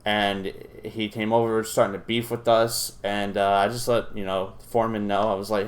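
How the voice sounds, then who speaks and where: A man's voice: on the low side, steady tone, normal speed. Profane, rambling young male reaction host. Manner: profane and rambling, full of fillers and restarts. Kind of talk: casual ranting commentary.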